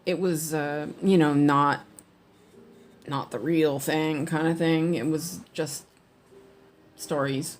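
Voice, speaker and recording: A woman's voice: low voice, fairly even intonation, slow pace, pauses often. A woman chatting casually while she cross-stitches at home, rambling with lots of fillers and restarts. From United States.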